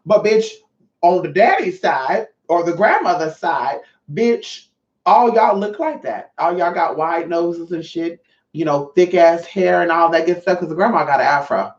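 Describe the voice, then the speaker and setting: A woman's voice: on the low side, animated, a little slow, a little mellow. A woman hosting a casual livestream, reading chat aloud, swearing freely and calling her viewers honey. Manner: brassy, profane, calls viewers honey. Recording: roomy, distant, dull lo-fi mic.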